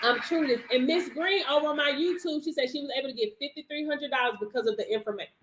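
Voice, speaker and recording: A woman coach talking to viewers on a live stream, animated and slangy, laughing often. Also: high-pitched, quick pace, heavy background noise. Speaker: business credit coach. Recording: roomy echo.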